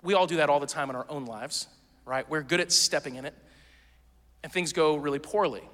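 A man preaching a sermon as pastor, conversational and playful, with quick asides to the congregation. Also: on the high side, fairly bright tone. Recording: long hall reverb.

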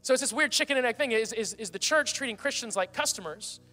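A man's voice: very high voice, lively intonation, quick pace, pushed and bright, big-room sound, soft background music. A pastor in his thirties preaching a sermon with passion, often restarting his sentences. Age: 30s. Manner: impassioned, rambling with restarts. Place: church hall.

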